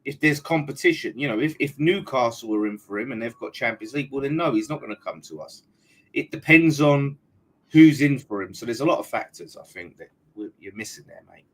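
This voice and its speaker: A man's voice: mid-range voice, expressive, brisk, fairly bright tone. A man hosting a live football fan stream, chatty and loose with plenty of swearing. His voice sits in a middle register with an everyday, unforced delivery. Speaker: fan channel host.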